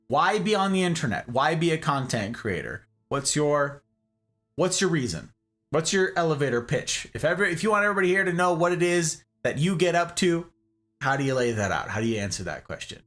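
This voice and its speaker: Playful male game streamer. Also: a little high. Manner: playful, animated, given to jokes. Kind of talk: casual live-stream chat.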